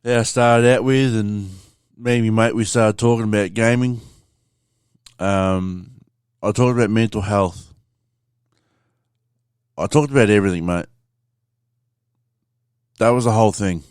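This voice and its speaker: A man's voice: lowish voice, a little slow, pauses often, a little mellow, clear, resonant tone, dry recording, studio quality. A man hosting a podcast, rambling casually through a story and swearing freely as he talks to his listeners. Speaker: podcast host.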